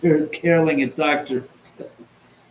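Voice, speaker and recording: A man's voice: a little high, steady tone, slow, roomy sound, slight background noise, poor audio. A man hosting a casual livestream chat from home, rambling and sarcastic and swearing often. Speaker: livestream host.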